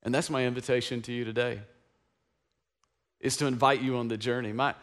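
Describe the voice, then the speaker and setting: A man's voice: mid-range voice, steady tone, fairly quick, fairly bright tone. A male pastor from East Tennessee, preaching an Easter sermon with passion and call-and-response. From East Tennessee, USA.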